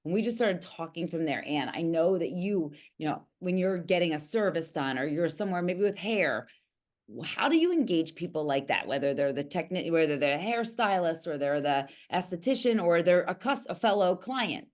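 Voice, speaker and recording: A woman's voice: on the low side, animated, moderate pace. A woman leading a coaching team call over a video call, enthusiastic and effusive with praise.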